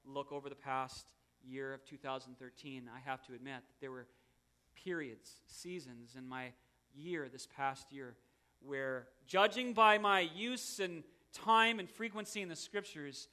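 A man's voice: fairly high pitch, steady tone, measured pace, pushed and bright. A middle-aged man, a pastor, preaching a sermon in an earnest, conversational way with self-deprecating asides.

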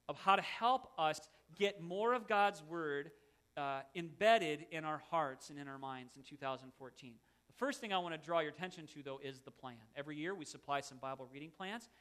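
A man's voice: on the high side, a bit bright. A middle-aged man, a pastor, preaching a sermon in an earnest, conversational way with self-deprecating asides.

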